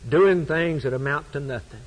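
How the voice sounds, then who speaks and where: A man's voice: a little high, normal speed, slightly rough, poor audio. A man preaching a sermon, with an emphatic, repetitive preaching cadence.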